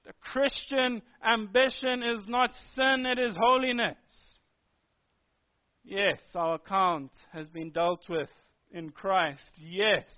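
Man, very high voice, sermon, emphatic repetitive preaching, dull lo-fi recording. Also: steady tone, slow.

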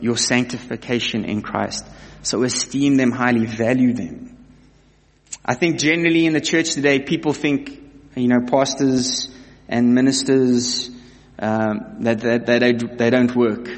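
A man preaching a sermon to his congregation, earnest and emphatic, often repeating key phrases and addressing the listeners as "guys". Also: medium pitch. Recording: reverberant hall.

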